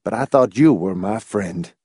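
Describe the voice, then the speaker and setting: A man's voice: on the low side, lively intonation, moderate pace, mellow, husky, no echo, studio quality. A man voicing a bitter, resentful man who speaks in an accusing way.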